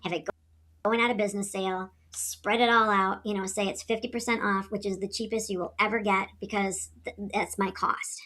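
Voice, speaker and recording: A woman's voice: medium pitch, steady tone, brisk, sharp tone. A woman giving sales advice in an upbeat, coaxing way, often checking in with "okay?". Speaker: direct sales consultant. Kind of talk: advice video.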